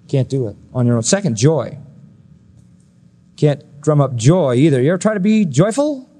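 Male preacher, sermon delivery, emphatic, rhetorical questions, big pitch swings. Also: lively intonation, moderate pace, dark tone. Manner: emphatic, asks the audience rhetorical questions, swings between high and low pitch.

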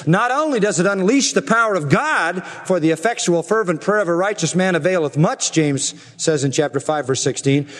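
A man preaching an expository sermon earnestly, slowing down and rising in pitch to stress his points. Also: lively intonation. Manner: earnest preaching, slows and rises for emphasis. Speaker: pastor. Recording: long reverb of a large hall.

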